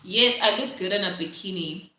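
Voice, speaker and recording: A woman's voice: medium pitch, normal speed, pushed and bright, slight background noise. A young South African woman hosting a casual livestream, chatting loosely and reading out viewer comments, her talk full of "like" and "literally". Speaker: livestream host. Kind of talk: casual live-stream chat. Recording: very echoey room.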